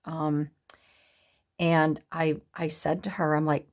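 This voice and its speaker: A woman in her sixties chatting to camera as a craft vlogger, halting and upset, with many pauses and restarts. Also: low-pitched, level tone. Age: 60s. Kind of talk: casual chat to camera.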